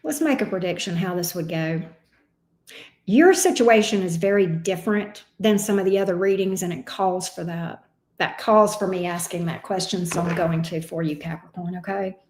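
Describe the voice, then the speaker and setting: A woman's voice: on the low side, moderate pace, darkish tone, reverberant. A woman giving a casual, emotional tarot reading. She talks expressively and swears now and then. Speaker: tarot reader.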